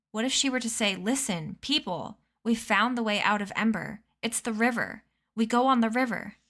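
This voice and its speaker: A woman reading a novel aloud on a stream, in a measured storytelling manner that drops soft and quiet at tense moments. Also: medium pitch.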